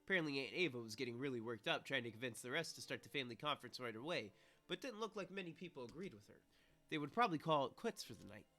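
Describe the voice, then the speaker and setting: A man reads a visual novel aloud on a live stream, his voice bright and forward. Between passages he rants casually and swears, with no polish. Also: mid-range voice, fast, faint music behind. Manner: reads narration flatly, then swears and rants loudly. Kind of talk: casual let's-play reading and commentary.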